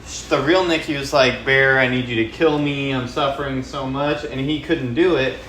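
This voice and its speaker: A man's voice: medium pitch, fairly even intonation, normal speed. A young man YouTuber casually recapping a movie plot, rambling with lots of slang and filler words. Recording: echoey room with loud background noise.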